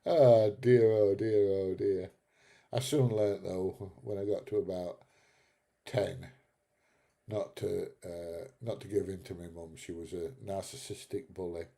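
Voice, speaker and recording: A middle-aged man hosts a live stream and reads the chat, talking casually and bluntly, swearing and laughing at his own jokes. His voice is low and warm with vocal fry, a steady tone, and a slightly slow pace.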